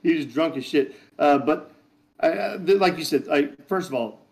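A man's voice: a little high, animated, normal speed, creaky, rough recording. A man co-hosting a casual podcast chat, rambling and correcting himself as he goes. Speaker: podcast co-host.

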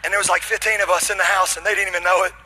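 A young man preaching a sermon, telling a comic story with shouted punchlines and then dropping to a hushed, intimate tone. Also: high-pitched, little pitch movement, racing, husky, low-quality recording. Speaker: pastor.

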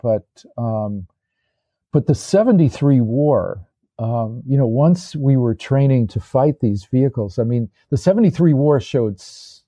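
A man's voice: medium pitch, expressive, measured pace, mellow, husky, no echo. An older man, a former tank commander, telling his stories as an interview guest in a rambling way, with restarts and fillers. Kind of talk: casual interview storytelling.

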